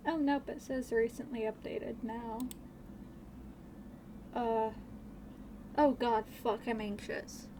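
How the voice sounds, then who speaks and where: A woman's voice: a little high, steady tone, slow, pauses often, noisy background. A woman streamer chatting casually while modding a game, rambling, swearing freely and laughing nervously.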